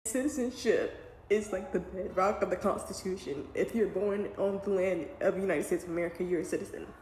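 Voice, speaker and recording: A woman talks directly to her viewers, emotional and close to tears as she reacts. Her voice sits in an echoey room with a faint noise underneath. She speaks at a middle pitch. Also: fairly quick, a little mellow. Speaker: mom and online commentator. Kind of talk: casual reaction commentary.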